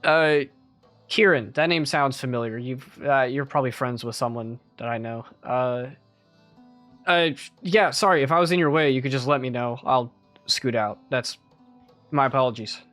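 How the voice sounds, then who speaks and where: A man's voice: medium pitch, fairly bright tone, lightly acted. A man voicing a polite, apologetic young male student from a church, in a tabletop game with guitar music behind. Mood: friendly. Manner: apologetic, friendly, slightly halting.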